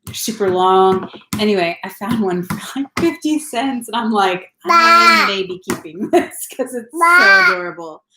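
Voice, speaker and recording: A woman's voice: a little high, animated, a little slow, reverberant, background noise. A woman in her thirties from California, chatting casually on a home live stream, rambling and laughing often. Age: 30s. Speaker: vlogger. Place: home, indoors.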